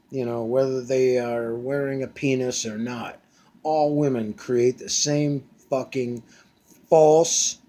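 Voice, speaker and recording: A man's voice: medium pitch, darkish tone, slightly rough. A man in his fifties ranting casually from a back bedroom at home, blunt and profane, with many fillers. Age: 50s. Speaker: vlogger.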